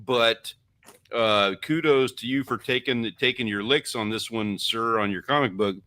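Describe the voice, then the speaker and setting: A man co-hosting a podcast in casual chat, laughing often while calmly standing his ground. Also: mid-range voice, measured pace. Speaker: podcast co-host.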